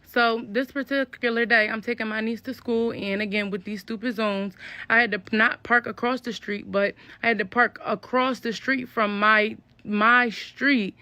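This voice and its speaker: A woman's voice: on the high side, fairly even intonation, normal speed, sharp tone, no echo. A young woman telling a personal story in a casual, blunt and slangy way. She spells out curse words. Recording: dull, lo-fi, dry sound.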